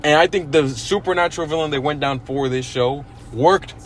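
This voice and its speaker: A man's voice: on the high side, normal speed, slight background noise. A young man co-hosting a podcast in casual chat, agreeable and stressing words for emphasis. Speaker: podcast co-host.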